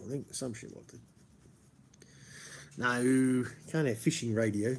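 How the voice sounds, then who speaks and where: A man's voice: mid-range voice, fairly even intonation, unhurried, creaky, a little hiss or hum. A man with a broad Australian accent, chatting and rambling casually as a stream host, swearing freely and calling everyone mate. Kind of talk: casual chat.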